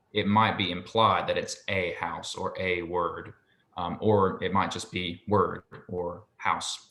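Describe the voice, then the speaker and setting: A patient male teacher walks his student through a language lesson, explaining slowly and repeating sounds. His voice sits low but bright, and it rings in an echoey room. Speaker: Hebrew teacher.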